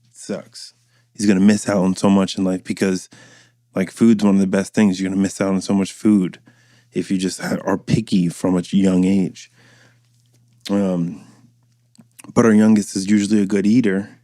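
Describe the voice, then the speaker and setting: A man's voice: sits low, level tone, moderate pace, pauses often, mellow, no room sound, clean studio sound. A man in his thirties, a podcast host, chatting in a casual, rambling and profane way and acting out voices he quotes. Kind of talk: casual chat.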